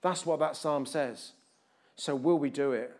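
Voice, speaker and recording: A man's voice: a little high, a little slow. A man preaching a sermon and giving church announcements in a conversational, jokey way. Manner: conversational, jokey asides, animated shifts in volume. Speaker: pastor. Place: church hall.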